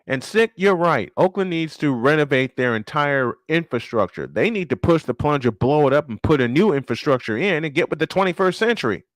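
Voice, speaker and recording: A man's voice: a little high, expressive, fairly quick, hardly any pauses, no room sound, studio quality. A man hosting a casual live-stream sports show, ranting and firing off rhetorical questions, repeating his points for emphasis.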